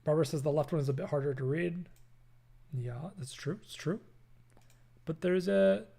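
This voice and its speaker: Gravelly-voiced man streaming a design tutorial. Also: a little high, moderate pace, warm tone. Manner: loose and chatty, many fillers, reads chat aloud. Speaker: creative director hosting a design stream. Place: home apartment.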